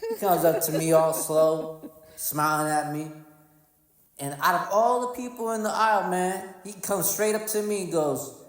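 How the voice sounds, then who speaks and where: A man's voice: high-pitched, normal speed. A man from North Carolina doing a brash, profane stand-up comedy routine, mocking people as he tells stories. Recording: echoey room with long reverb.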